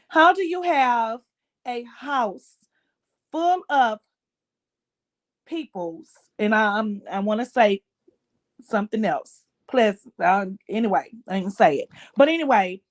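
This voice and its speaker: High-voiced indignant woman ranting. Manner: indignant, emphatic, repeats herself. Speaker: livestream host. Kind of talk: casual commentary chat.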